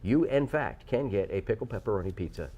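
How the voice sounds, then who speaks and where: A man's voice: on the low side, lively intonation, fairly quick, dark tone, slightly rough, muffled recording. A man co-hosting a live local TV shopping show, chatty and talkative, who jumps now and then into a mock tough-guy voice. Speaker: local TV co-host. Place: TV studio.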